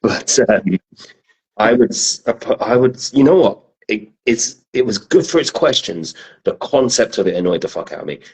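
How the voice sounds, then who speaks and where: Man, very low voice, blunt, opinionated, casual podcast chat. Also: lively intonation, normal speed, darkish tone, poor audio.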